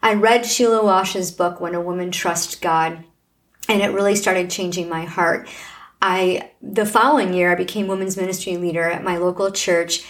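A woman's voice: fairly low pitch, fairly even intonation, normal speed. A middle-aged woman hosting a podcast, sharing a personal faith testimony in an earnest, heartfelt, preaching manner. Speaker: podcast host.

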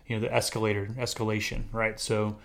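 A man's voice: on the low side, level tone, quick pace, vocal fry, a bit bright. A man co-hosting a podcast as a marriage counselor, talking earnestly and explaining things with frequent "right?" checks. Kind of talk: casual podcast chat.

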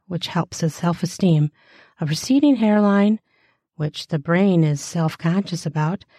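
A woman reading explicit first-person fiction aloud, with a slow, deliberate delivery and crude, mocking asides. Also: lowish voice, dark tone, no echo, studio quality.

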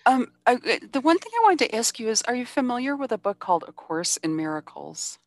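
A woman's voice: on the high side, very animated, brisk, no echo. A middle-aged woman hosting a casual interview, chatty and encouraging, with many short agreeing sounds. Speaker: interviewer, host.

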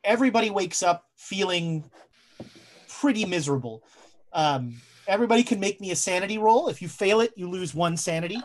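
A woman narrating a horror tabletop game as game master, slow and dramatic, with halting fillers as she searches for words. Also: fairly low pitch, lively intonation.

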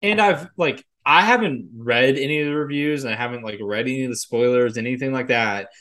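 Talking fairly quickly in a mid-range, fairly bright voice, a man co-hosts a casual film and TV podcast. His speech rambles, packed with fillers, frequent "like" and "you know," and the odd swear word.

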